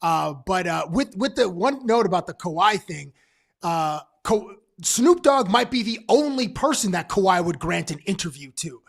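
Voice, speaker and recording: High-voiced rambling man co-host. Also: big pitch swings, moderate pace, vocal fry. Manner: rambling, many fillers and restarts, enthusiastic. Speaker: sports talk show co-host. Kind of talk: casual chat.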